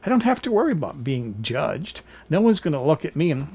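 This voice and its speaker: A man vlogging from his home kitchen, telling a college theater anecdote in an animated, theatrical way. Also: fairly high pitch, fairly quick, creaky, few pauses, breathy edge. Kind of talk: casual storytelling to camera. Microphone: camera on a tripod.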